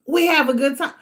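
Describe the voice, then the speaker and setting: A middle-aged woman hosting a casual livestream, chatting in an animated way and laughing often. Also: very high-pitched. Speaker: livestream host.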